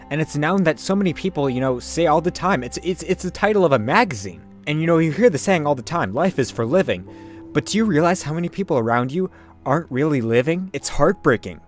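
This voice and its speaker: A man talks into a webcam in his bedroom, delivering a mock-earnest comedy monologue with melodramatic sincerity. His voice sits a bit high for a man. Faint background music plays under him. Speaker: comedy vlogger.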